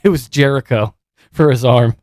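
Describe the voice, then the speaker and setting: A man from Pennsylvania co-hosting a wrestling podcast, excitable and chatty. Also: mid-range voice, normal speed, dry recording, studio quality. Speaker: podcast co-host. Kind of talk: casual chat.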